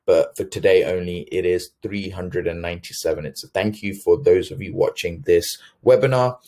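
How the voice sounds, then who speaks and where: Low-voiced man pitching a webinar. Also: normal speed, warm tone. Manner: earnest, filler-heavy, self-correcting. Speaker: webinar host.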